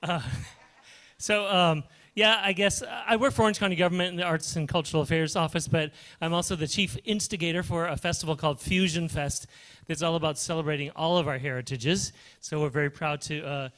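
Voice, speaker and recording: A man from a local arts office speaking casually at a live event. He hesitates often, with plenty of fillers. His voice sits a little high. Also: fairly even intonation, a little fast, fairly bright tone. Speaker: arts office worker and festival organizer.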